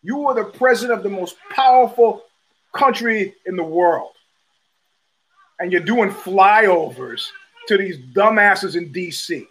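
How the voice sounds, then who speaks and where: Middle-aged male host, higher-pitched voice; loose, profane, rambling monologue with frequent restarts. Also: animated, measured pace, fairly bright tone, rough recording. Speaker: podcast host. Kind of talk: casual monologue.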